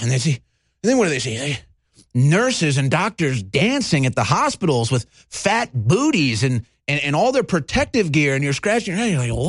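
Animated high-voiced man ranting. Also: slightly rough, no room sound, studio quality. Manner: fast, animated, mocking voices, sighs. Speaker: host. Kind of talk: ranting monologue.

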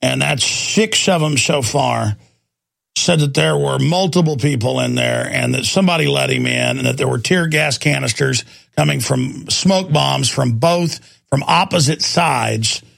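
A man's voice: mid-range voice, unhurried, vocal fry, fairly bright tone, no echo. A man hosting a talk radio show, ranting in an impassioned, sarcastic monologue from a studio.

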